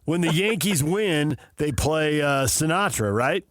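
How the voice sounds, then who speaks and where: A man's voice: fairly high pitch, expressive, measured pace, heavy background noise. A man co-hosting sports radio, wry and laid-back, ribbing his partner in casual talk.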